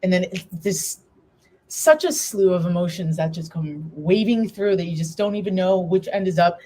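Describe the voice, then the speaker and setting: A woman's voice: fairly low pitch, moderate pace, warm tone, slight background noise. A woman guest in a live interview, telling a personal story in an earnest, candid way and acting out past conversations. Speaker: guest, breast cancer survivor and coach.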